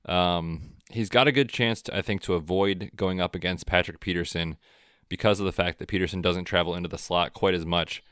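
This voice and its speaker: A man co-hosting a podcast, chatting casually about football with a relaxed, chatty manner. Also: deep voice, a little fast, clear, resonant tone, no room sound, studio quality. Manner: relaxed, chatty, frequent fillers. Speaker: podcast co-host. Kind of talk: casual sports chat.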